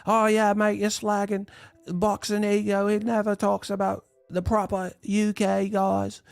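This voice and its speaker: A man's voice: high-pitched, completely flat delivery, measured pace, creaky, clear, resonant tone, no room sound, faint music behind, pitched above the performer's own voice. A man doing an exaggerated British accent, parodying a boxing fan with slang. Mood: mocking.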